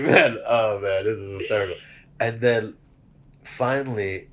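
A man's voice: on the low side, measured pace. A man hosting a podcast, telling a story in a casual, profane way and laughing as he goes. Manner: animated, profane, laughs while telling stories. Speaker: podcast host.

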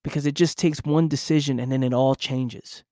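A man's voice: mid-range voice, steady tone, moderate pace, dark tone, no echo, clean studio sound. A young man speaking in an intense motivational monologue, acting out his own past inner voice.

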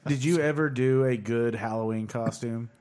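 A man hosting a podcast, rambling in a relaxed, casual way and steering the talk. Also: medium pitch, moderate pace. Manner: rambling, laid-back, steering the show. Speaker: podcast host. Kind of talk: casual chat.

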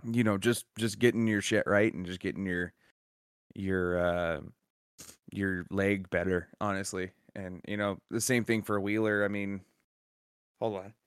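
A man's voice: low-pitched, level tone, measured pace, smooth, no room sound, clean studio sound. A man co-hosting a casual sports podcast, joking and blunt, swearing casually. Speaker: podcast co-host.

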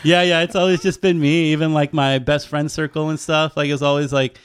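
A man's voice: a little high, level tone, a little fast, smooth, dry recording, clean studio sound. A man in casual chat, a rambling storyteller who swears freely and laughs often.

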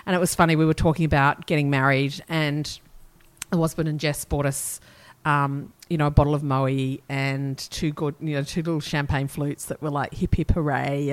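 An Australian woman in her forties, co-hosting a podcast, telling rambling stories in casual chat and laughing often. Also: sits low. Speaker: podcast co-host.

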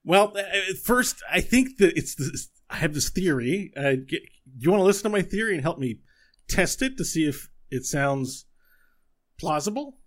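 A man voicing a fussy, excitable little male clockwork scholar who talks in a flustered, apologetic way. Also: on the high side, normal speed, voice pushed up. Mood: eager.

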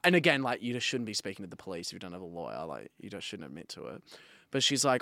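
A man chatting casually as a podcast co-host, acting out the voices in a story he retells and swearing freely. His voice sits at an ordinary pitch. The sound is dry and close. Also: animated, fast talker, bright, forceful tone, no echo. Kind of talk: casual chat.

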